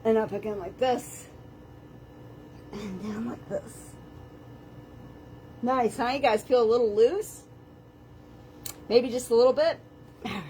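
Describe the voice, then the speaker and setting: On a floor mat at home, a woman leads viewers through a live workout of planks and stretches, counting reps aloud and cracking self-deprecating jokes as the floor-level camera records. She's a fitness instructor whose slightly high, warm voice moves slowly with long pauses, over a little hiss or hum.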